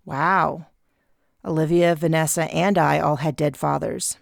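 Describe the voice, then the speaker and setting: Low, gravelly woman narrating a novel. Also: a little slow, dry recording, studio quality. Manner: steady, even storytelling. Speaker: audiobook narrator. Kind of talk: first-person audiobook narration.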